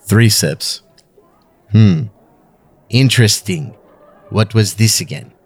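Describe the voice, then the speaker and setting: A man voicing a whiskey taster with a put-on South African accent, giving slow, theatrical sip-by-sip ratings. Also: fairly low pitch, husky, dry recording. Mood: savoring.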